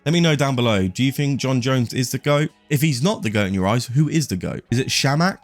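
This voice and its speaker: Young man, casual opinionated commentary, mid-pitched voice, dry close mic. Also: animated, brisk, dry recording, soft background music. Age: late 20s. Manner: opinionated, talks straight to the viewer. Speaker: sports commentary YouTuber.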